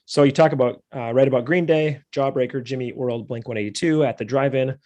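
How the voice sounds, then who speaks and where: A man in his thirties hosting a podcast, chatting casually, laughing often and chiming in with quick affirmations. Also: mid-range voice, a little mellow. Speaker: podcast host.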